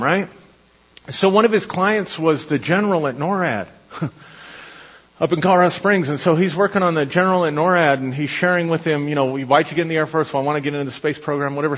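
Middle-aged male pastor, husky and high-pitched, lively storyteller who laughs and stumbles over repeats; dull lo-fi church recording. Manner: animated storytelling, laughs often, repeats words. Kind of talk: sermon. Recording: dull lo-fi audio with long hall reverb.

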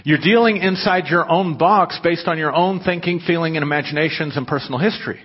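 A pastor with a fairly high, slightly rough voice delivers a sermon a little fast, talking to his congregation conversationally before breaking into emphatic, raised bursts. The audio is dull and muffled, with long hall reverb.

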